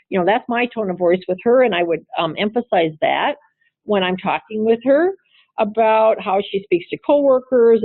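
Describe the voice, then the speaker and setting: A woman lawyer talks through workplace cases in a loose, conversational lecture, asking her listeners questions as she goes. Her voice sits in an ordinary middle range. The sound is narrow and tinny like a phone call, with no room echo at all. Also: medium pitch. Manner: chatty, asks the audience rhetorical questions, frequent "you know" and "um". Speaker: employment lawyer presenting a webinar. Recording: tinny phone-line audio, dry.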